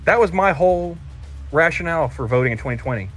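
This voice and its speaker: A man's voice: a little high, lively intonation, fast, fairly bright tone, soft background music. A man in his thirties on a podcast panel, joking crudely in casual chat and stumbling over restarts. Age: 30s.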